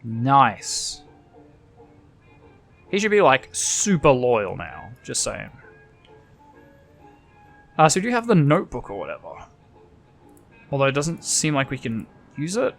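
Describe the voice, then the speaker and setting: A man's voice: mid-range voice, huge pitch swings, slow, vocal fry, long pauses, a bit bright, soft background music. A man playing a story game, reading its text aloud and adding casual, offhand comments. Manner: casual, offhand, muttering asides. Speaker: gamer.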